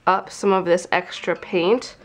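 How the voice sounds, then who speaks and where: A woman's voice: fairly low pitch, flat delivery, unhurried. Nasal, congested young woman crafter. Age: young adult. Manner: friendly, chatty, explains each step as she works. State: congested from a cold. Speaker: craft tutorial host. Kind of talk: casual how-to narration.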